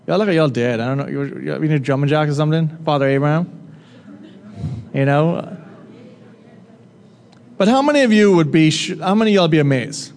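A man delivering a sermon with a slightly raised pitch, talking to the room as if chatting with it. He puts questions to the crowd and teases them now and then. His voice rings out with a long reverb, as in a large hall. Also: lively intonation, a little fast, creaky, pauses often, a little mellow. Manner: conversational, asks the audience questions and jokes with them. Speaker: preacher.

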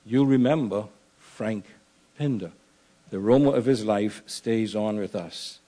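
A man delivering a funeral eulogy, measured and solemn, building to emphatic preaching. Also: lowish voice, dark tone.

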